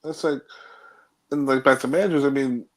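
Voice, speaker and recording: A man's voice: mid-range voice, steady tone, brisk. A man co-hosting a casual podcast chat, rambling and acting out quotes. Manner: rambling, restarts, mock-quotes others. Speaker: co-host.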